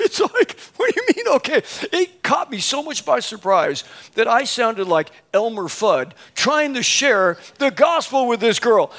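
A man in his fifties preaching a sermon, telling a story with lively acted-out dialogue and laughing at himself. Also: extremely high pitch. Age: 50s. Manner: animated, acts out both sides of dialogue, laughs at himself.

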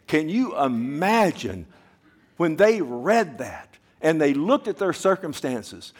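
A middle-aged man preaching a sermon as pastor, swinging from hushed, slow lines to loud, emphatic ones. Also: on the high side, lively intonation.

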